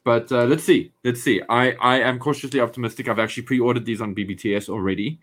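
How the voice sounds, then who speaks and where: A man co-hosting a casual podcast, mid-pitched and easygoing. He talks with eager enthusiasm, trailing off and restarting as he goes. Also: steady tone, fast, a bit bright. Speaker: podcast co-host. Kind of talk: casual chat.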